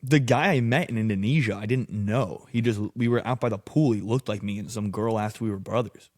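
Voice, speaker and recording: On a podcast as a guest, a man tells loose, casual stories, swearing heavily and acting out what people said. His fairly low voice moves briskly, and the recording is studio quality with no echo.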